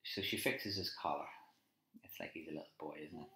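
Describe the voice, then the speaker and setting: This male teacher's voice rumbles low yet sounds bright, and he speaks a little fast with a forceful tone. He's annotating a poem live, chatting through his thoughts and tossing in tag questions. Faint music plays under a roomy echo.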